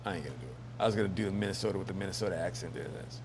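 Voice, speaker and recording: A man's voice: deep voice, racing, gravelly, background noise. A man hosting a casual news commentary show, rambling and joking with lots of fillers and laughs. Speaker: host.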